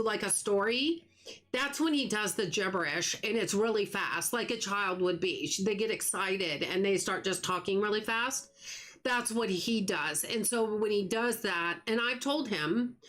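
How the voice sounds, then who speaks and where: A middle-aged woman from the United States talks straight to her live-stream viewers in a casual, earnest way. Her voice sits a little high, and she often breaks off and restarts a thought. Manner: earnest, talks fast when excited, trails off and restarts. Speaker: livestream gaming host.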